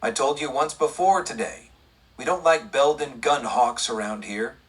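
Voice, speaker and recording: A man's voice: medium pitch, moderate pace, husky, close to an everyday voice. A man doing a hostile young cowgirl.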